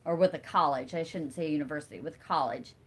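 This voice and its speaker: A woman's voice: low voice, fast, fairly bright tone, slight background noise. A middle-aged woman hosting a casual livestream, chatting with viewers and answering comments while she crafts, rambling and thinking aloud with lots of fillers. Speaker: livestream host.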